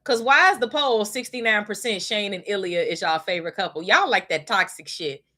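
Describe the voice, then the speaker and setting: Excitable woman podcaster, bright voice. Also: medium pitch, moderate pace. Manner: animated, profane, gushing storytelling with loud squeals. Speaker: podcast host. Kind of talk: casual chat. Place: home desk.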